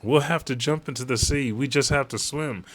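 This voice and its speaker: A man's voice: medium pitch, normal speed, fairly bright tone, pitched above the performer's own voice, close to an everyday voice. A man doing a desperate pleading mother. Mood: urgent pleading. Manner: pleading, urgent. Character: desperate woman urging her child to survive.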